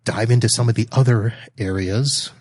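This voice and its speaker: A man's voice: mid-range voice, moderate pace, darkish tone, husky, dry recording. A man hosting a podcast, easygoing and joking at his own expense as he wraps up an interview. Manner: easygoing, laughs at himself. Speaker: podcast host. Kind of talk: conversational interview.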